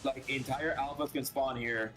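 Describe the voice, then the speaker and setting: A man's voice: medium pitch, fairly even intonation, moderate pace, fairly bright tone, rough recording. Insistent man with game music behind. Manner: insistent, repeats himself. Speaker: co-streamer advising the player. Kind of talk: casual live-stream game chat.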